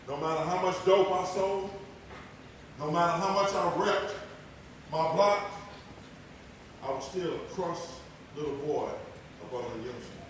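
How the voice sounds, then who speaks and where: In an echoey hall, a Texan motivational speaker with a voice that sits high gives a dramatic personal testimony, swinging from loud to hushed. He's far from the mic, with slight background noise.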